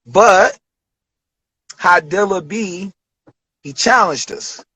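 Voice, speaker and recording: A man telling a studio story as an interview guest, animated, acting out quotes with big jumps in pitch. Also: drawn-out words, slightly rough, no echo. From Detroit.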